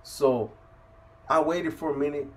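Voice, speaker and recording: A man's voice: fairly high pitch, fairly even intonation, measured pace. A man from San Francisco telling a prison story in casual, profane street slang, full of "you know" and "man". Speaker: host telling prison stories.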